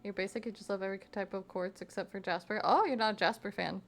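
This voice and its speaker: A young woman streams while she crafts, chatting easily with her viewers and reading their messages aloud between giggles. Her voice sits at an ordinary middle pitch, with a gravelly fry running through it. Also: fairly even intonation, fast talker, slight background noise. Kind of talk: casual chat with live chat while crafting.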